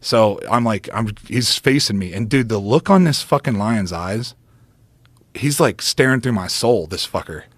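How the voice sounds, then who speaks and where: Guest spot: male storyteller, loose and profane, energetic, laughs a lot, dry close studio mic. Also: fairly low pitch, normal speed, dry recording. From United States. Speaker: podcast guest, former football player. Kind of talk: casual storytelling.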